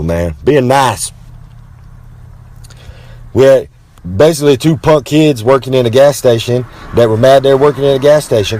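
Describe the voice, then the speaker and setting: Guy rambling through a wild story, cocky and loud-mouthed, calls himself by a nickname. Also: mid-range voice. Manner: brash and boastful, talks about himself in the third person; swaggering, with drawn-out dramatic emphasis. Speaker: wrestler telling a story. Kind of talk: rambling comic storytelling monologue.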